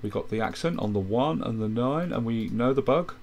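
A man calmly walking through a music software tutorial, explaining step by step with quick asides. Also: mid-range voice, a little hiss or hum. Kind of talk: screen-recorded software tutorial.

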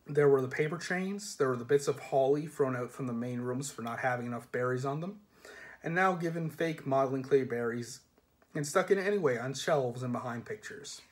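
A man reading a novel aloud in a measured storybook manner, sometimes dropping soft. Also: mid-range voice. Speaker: reader.

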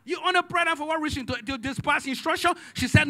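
Bright, high-voiced preaching man. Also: quick pace, few pauses. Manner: dramatic preaching, swinging from hushed to shouting; calls on the congregation for responses. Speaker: pastor. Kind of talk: sermon. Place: church service.

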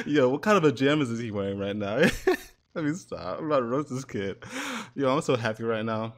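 A man hosting a gaming channel, commenting to himself as he plays a horror game, muttering at times and breaking into loud excited cheers and laughter. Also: medium pitch, fairly quick. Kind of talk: live commentary while playing a horror game. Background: faint game music.

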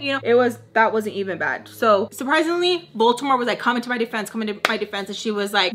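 A woman's voice: fairly high pitch, quick pace, hardly any pauses, fairly bright tone. A young woman in her twenties telling a storytime while doing her makeup, blunt and profane, peppering her speech with Spanish and fillers. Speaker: storytime vlogger.

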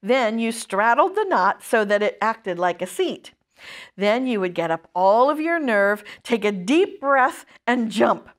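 A woman from a church children's ministry reading a chapter book aloud to children in an expressive way. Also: on the high side, a little slow.

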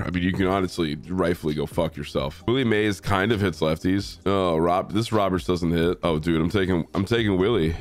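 A young man with a stuffy cold, excitedly and profanely commentating his own baseball video game play, mocking players and yelling at the screen. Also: low voice. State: congested from a cold. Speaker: gaming streamer. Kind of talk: casual gameplay commentary.

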